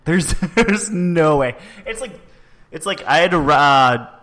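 A man's voice: fairly high pitch, lively intonation, slow pace, a bit bright. A man co-hosting a casual podcast, speaking in a laid-back, skeptical, teasing way. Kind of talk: casual chat.

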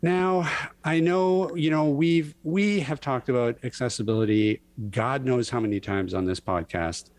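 Playful male podcast host, mid-pitched, chatty and teasing. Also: measured pace, a little mellow. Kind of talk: casual podcast banter.

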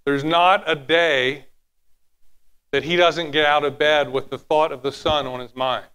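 A bright, high-voiced preacher man. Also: measured pace, smooth. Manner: animated, dropping to a hushed tone and acting out quotes. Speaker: pastor. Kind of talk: sermon.

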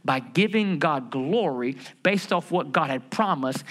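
A man preaching a sermon as pastor of a church, in a lively conversational way with humor and rhetorical questions. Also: on the high side, measured pace, hardly any pauses. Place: church building.

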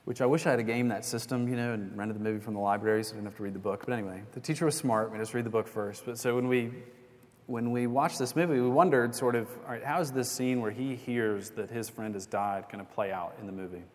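A young pastor with a mid-range, steady voice talks fast as he preaches a sermon, telling a story conversationally with small jokes and asides. Long reverb fills the church sanctuary.

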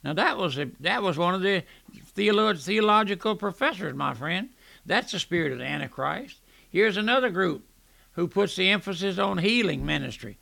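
Older man, radio sermon, very gravelly, bright edge, earnest. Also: sits high, animated, moderate pace, no room sound. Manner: earnest, repeats and restarts words, addresses "my friend". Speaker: radio preacher.

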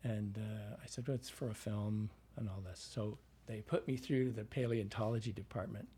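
In an interview, a Midwestern-accented dialect coach from Iowa spins anecdotes and performs the voices of those he quotes. His lowish, mellow voice holds a steady tone at a moderate pace, with slight background noise behind him.

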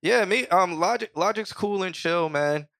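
A man co-hosting a casual music review podcast, joking and relaxed, breaking now and then into loud impressions. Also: high voice, moderate pace, gravelly, dry recording. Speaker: podcast co-host. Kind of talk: casual chat.

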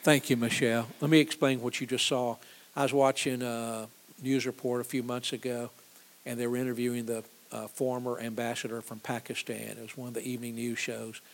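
A man's voice: medium pitch, level tone, a little fast. A man leading a church missions talk, emphatic and repetitive, calling the audience to repeat after him. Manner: emphatic, repeats key phrases, leads audience responses. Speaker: missions ministry leader.

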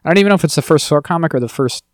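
A man's voice: a little high, expressive, racing, no echo. A man co-hosting a podcast in casual chat, chatty and joking as he thinks aloud. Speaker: podcast co-host.

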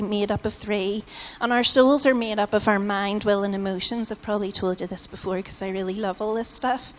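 A British woman preaching a sermon in a casual, conversational way, often saying "like" and "you know". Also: medium pitch. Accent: British English. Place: church hall. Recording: long hall reverb in a church.

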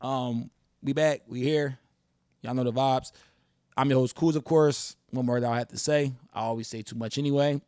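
A young man hosting a casual podcast, telling stories in an animated, profane, joking way. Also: medium pitch, normal speed, no room sound, studio quality. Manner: animated, profane, jokey storytelling. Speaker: podcast host.

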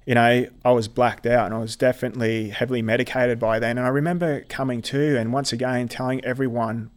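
A man's voice: mid-range voice, level tone. Middle-aged aussie guy, earnest and stop-start, ordinary mid voice. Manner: earnest, halting, with repeated restarts. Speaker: military veteran guest. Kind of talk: personal storytelling in conversation.

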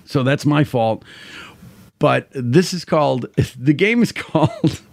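New man, 50s, livestream host; rambling, crude jokes, animated pitch. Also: slow pace, gravelly, no room sound. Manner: loose, crude, jokey rambling with frequent laughter. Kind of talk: casual chat.

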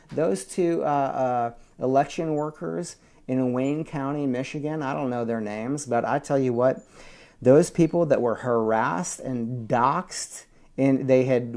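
A male pastor preaching a sermon. He reads scripture, calls for amens from the congregation, and moves between hushed whispers and rousing shouts with chatty asides. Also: medium pitch. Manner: call-and-response with the congregation.

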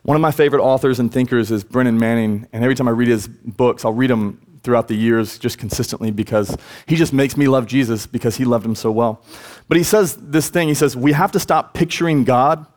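Male pastor, mid-pitched, sermon delivery, earnest, rising emphasis. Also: a little fast, a little mellow. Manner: earnest, rises in pitch for emphasis, acts out quoted words. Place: church sanctuary.

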